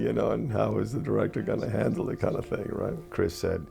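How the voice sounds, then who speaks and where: Man, very deep voice, heavy vocal fry, reflective halting interview storytelling. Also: steady tone, warm tone, soft background music. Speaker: actor being interviewed. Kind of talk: anecdotal interview.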